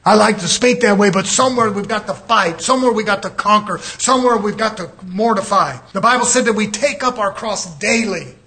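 A man preaching a fiery sermon, shouting and driving his points home with rising intensity. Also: high voice, a little fast, hardly any pauses.

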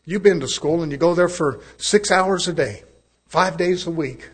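A man's voice: a little high, normal speed. A man preaching a sermon in a folksy way, his volume rising and falling.

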